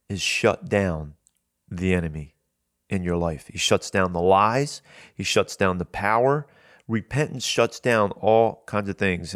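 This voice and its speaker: A man's voice: deep voice, no room sound. Earnest man preaching in a dry room. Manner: earnest, repeats words when starting a thought. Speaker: Christian talk show host. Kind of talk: conversational preaching.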